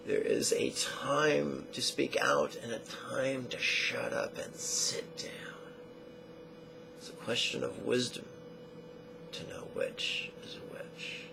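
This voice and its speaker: A man teaching a meditation lesson in a slow, measured way, often repeating short phrases. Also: medium pitch, steady tone, creaky, noisy background.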